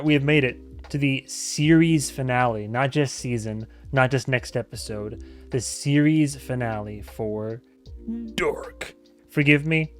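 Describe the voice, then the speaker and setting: A man hosting a reaction channel, talking casually to his viewers and stumbling through German phrases with a self-mocking laugh. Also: medium pitch. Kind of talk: casual talk to camera.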